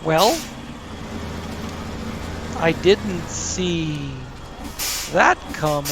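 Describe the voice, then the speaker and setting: Slow-talking gravelly man commenting on gameplay. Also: a little high, background noise. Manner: wry, talks to the game and mutters to himself. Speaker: gaming commentator. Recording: loud truck engine game audio.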